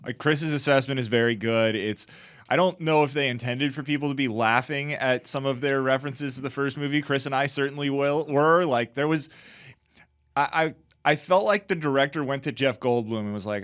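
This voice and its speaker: A man co-hosting a casual podcast chat, telling stories in a measured, wry way. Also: medium pitch, fairly bright tone, clear, resonant tone. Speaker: podcast co-host.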